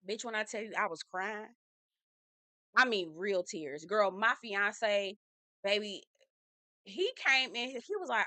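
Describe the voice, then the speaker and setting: Sassy woman with a bright, dry voice. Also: medium pitch, takes it slowly, pauses often, no echo. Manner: sassy, animated, says "girl" often. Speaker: reality TV recap host. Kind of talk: casual recap commentary.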